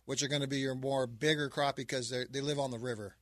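A man's voice: mid-range voice, steady tone, fast talker, fairly bright tone, no room sound. A man from California, a fishing guide guest in a radio studio, talking in an easygoing way and often repeating his words. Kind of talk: casual radio chat.

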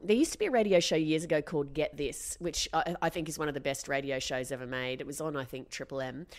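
A woman, co-hosting a podcast in casual chat and telling stories with a lot of laughter. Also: low-pitched. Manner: animated storytelling, laughs often. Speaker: podcast co-host.

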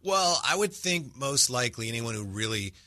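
A man's voice: mid-range voice, sing-song, moderate pace, sharp tone, no room sound. A man co-hosting sports talk radio, making dry, wry wisecracks in casual chat.

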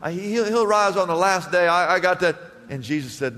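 A male pastor preaching a sermon in a church, telling stories and swinging between loud bursts and hushed, quiet lines. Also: sits high, lively intonation, a little fast, hardly any pauses, big-room sound. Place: church sanctuary.

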